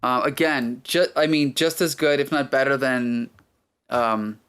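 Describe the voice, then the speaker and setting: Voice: mid-range voice, steady tone, a little slow, fairly bright tone, clear, resonant tone. A podcast host talking casually and with enthusiasm about a TV episode, often laughing.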